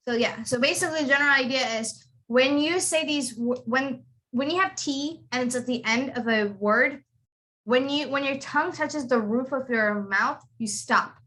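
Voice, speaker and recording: A woman's voice: sits high, normal speed, bright, forceful tone. A young woman teaching pronunciation to children over a video call, patiently explaining and repeating model words. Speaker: accent tutor. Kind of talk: online pronunciation lesson for kids.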